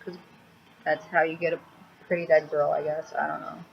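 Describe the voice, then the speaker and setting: A blunt, cranky woman with a low voice who swears freely as she rambles through a casual makeup vlog. She talks into a laptop mic at home. The audio is a little dull, with a faint hiss. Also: level tone, normal speed, vocal fry. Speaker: makeup vlogger.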